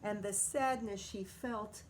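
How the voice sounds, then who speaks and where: A woman's voice: mid-range voice, slow pace, slight background noise. A woman teacher reading a picture book aloud to children, stopping often to comment and ask questions.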